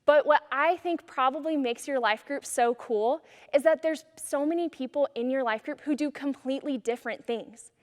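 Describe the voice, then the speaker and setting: Woman, high voice, youth pastor, earnest and encouraging, casual sermon, long reverb. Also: normal speed, hardly any pauses. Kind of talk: youth devotional message.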